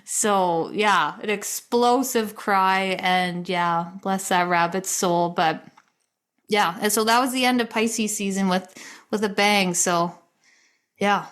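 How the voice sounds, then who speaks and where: A woman co-hosting a podcast, telling a personal story in a rambling, chatty way, full of "like" and quick laughs. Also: mid-range voice, fairly bright tone. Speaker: podcast co-host. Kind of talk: casual storytelling chat.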